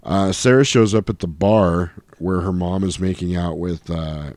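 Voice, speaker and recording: A man's voice: low voice, steady tone, unhurried, darkish tone, no echo. A man casually retelling a film's plot on a podcast, acting out the characters' lines as he goes. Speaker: podcast host. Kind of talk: casual movie recap chat.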